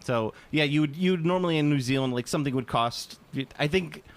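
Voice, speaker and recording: A man's voice: a little high, brisk. A man co-hosting a podcast, rambling in casual chat with a lot of swearing and laughter. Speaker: podcast co-host.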